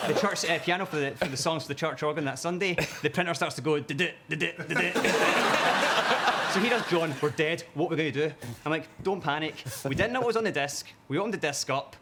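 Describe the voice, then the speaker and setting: A young Glaswegian man from the audience, telling a funny anecdote in a lively way and acting out the voices in it. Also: a little high, heavy background noise. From Scotland. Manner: lively storytelling, acts out quoted voices. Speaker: audience member telling a story. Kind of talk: comic anecdote.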